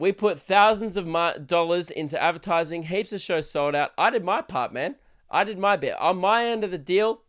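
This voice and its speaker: A man's voice: sits high, clear, resonant tone. A young Australian man hosting his own podcast, ranting in a sarcastic, swearing, casual way. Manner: swearing, sarcastic, shouts for effect. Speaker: podcast host and comedian. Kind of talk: casual solo podcast rant.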